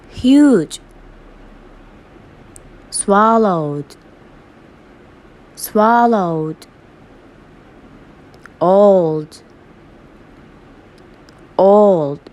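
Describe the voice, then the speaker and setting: A woman whose first language is Arabic, reading a children's story aloud for an English lesson and repeating each vocabulary word twice, slowly and clearly. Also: mid-range voice. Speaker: English teacher. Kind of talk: slow read-aloud lesson with word drills.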